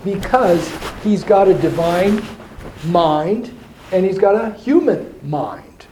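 A man teaching and talking through questions of faith in a thoughtful, digressive way, slowing down to stress his points. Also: high voice, expressive, mellow. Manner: thoughtful, digressive, with slowed emphasis. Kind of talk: explaining faith in a discussion. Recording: echoey room with faint noise.

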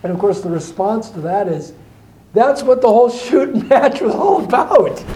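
A man teaching and talking through questions of faith in a thoughtful, digressive way, slowing down to stress his points. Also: high voice, big pitch swings, mellow. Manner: thoughtful, digressive, with slowed emphasis. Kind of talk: explaining faith in a discussion. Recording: echoey room with faint noise.

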